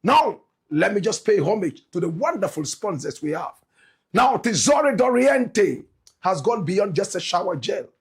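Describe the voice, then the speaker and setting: A Ghanaian man with a Ghanaian English accent hosting his show, opening with a flamboyant, repetitive, preacher-like patter and a sponsor pitch. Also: very animated, normal speed, vocal fry, breathy edge. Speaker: show host.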